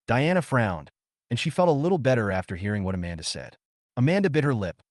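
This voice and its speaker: A man narrating a recap story with a lively, up-and-down delivery at a middle pitch. The voice sits dry and close, with no room sound around it. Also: brisk, no echo. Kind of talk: scripted narration.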